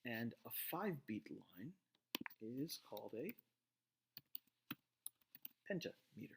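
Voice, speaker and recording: A man giving a recorded class lecture, explaining patiently with frequent pauses, fillers and restarts, often checking in with "right?". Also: medium pitch, big pitch swings, creaky, background noise.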